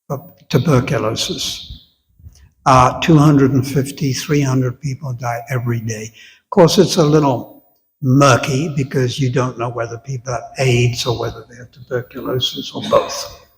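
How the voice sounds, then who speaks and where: Male teacher, measured and slow, lecturing a congregation in a hall with a long echo. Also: mid-range voice. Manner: unhurried, conversational, asks the audience questions. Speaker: visiting spiritual teacher. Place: temple hall with long reverb.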